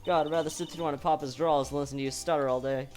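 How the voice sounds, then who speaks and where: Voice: medium pitch, fairly even intonation, rapid-fire, faint music behind, lightly acted. A voice actor playing a brash, blunt Southern woman photographer with a drawling twang, in a fan voice-over of a game. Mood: indignant. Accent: American Southern, put on. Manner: loud drawling twang, blustery.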